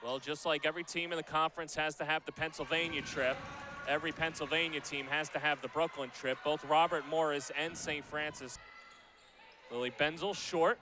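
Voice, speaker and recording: A man calling college basketball play-by-play, brisk and rising to shouts on big plays. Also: fairly high pitch, fairly even intonation. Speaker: play-by-play announcer.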